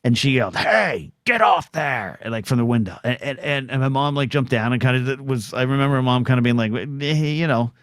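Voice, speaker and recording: A man's voice: mid-range voice, fairly even intonation, fast talker, hardly any pauses, clean tone, no echo, clean studio sound. A middle-aged man hosting a solo podcast, rambling and self-deprecating, stumbling over restarts and acting out quoted voices. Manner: acts out quoted voices in short bursts.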